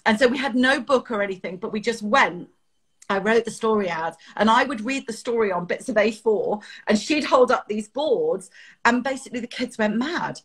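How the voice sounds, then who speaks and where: Middle-aged English woman, children's author, interview guest. Husky, lively storyteller. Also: a little high, moderate pace. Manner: animated storytelling, laughs often. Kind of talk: casual interview chat.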